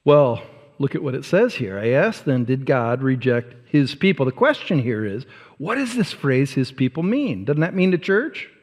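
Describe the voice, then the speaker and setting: A male pastor preaching a sermon, emphatic, asking rhetorical questions and swinging from loud to soft. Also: mid-range voice, very animated, moderate pace, in a large hall. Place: church sanctuary.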